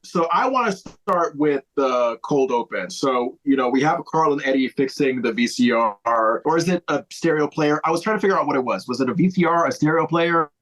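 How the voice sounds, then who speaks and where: A man's voice: a little high, animated, brisk, hardly any pauses, a bit bright, poor audio. Chatty young man, rambling recap host. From Connecticut, US. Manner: rambling, chatty, frequent fillers and restarts. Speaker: podcast co-host. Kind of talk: casual recap chat.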